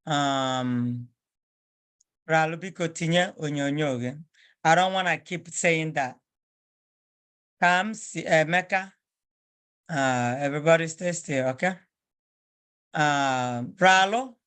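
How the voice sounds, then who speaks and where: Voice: medium pitch, takes it slowly, long pauses, a bit bright, smooth. A teacher whose first language is Igbo runs an online spelling drill over a video call. The teacher corrects students firmly and spells words out letter by letter.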